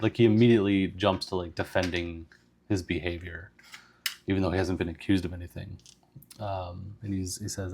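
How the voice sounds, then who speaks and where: A man's voice: sits low, fairly even intonation, normal speed, pauses often, dark tone. A man casually narrating a solo tabletop game, rambling with lots of fillers. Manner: casual, meandering, full of fillers.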